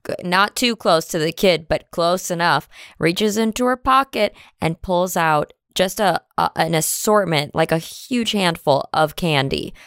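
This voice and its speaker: A woman casually describes her character's moves in a tabletop game, amused and relaxed. The voice is dry and close to the mic. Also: on the low side, a little slow, few pauses, no echo. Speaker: player.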